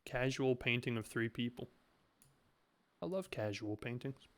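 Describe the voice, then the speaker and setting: A man's voice: medium pitch, expressive, unhurried, a bit bright. A man playing a game and reading its text aloud, with sarcastic, joking asides. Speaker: game streamer.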